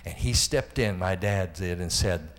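A middle-aged man preaching a sermon, telling his own story and rising to impassioned, high-pitched delivery. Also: measured pace. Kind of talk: sermon testimony.

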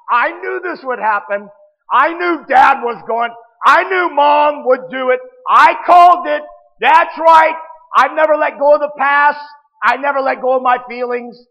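A man voicing an angry, prideful man who rants loudly to justify himself. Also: extremely high pitch, measured pace, big-room sound, dull audio, voice pushed up, exaggerated voice. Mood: heated. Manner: loud, heated ranting.

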